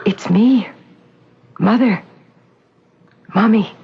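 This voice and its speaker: An actress playing a scheming woman who poses as a gentle mother, speaking in a soft, coaxing, soothing way, in 1970s radio drama acting. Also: medium pitch, very slow, gravelly. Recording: dull old radio recording, faint hiss.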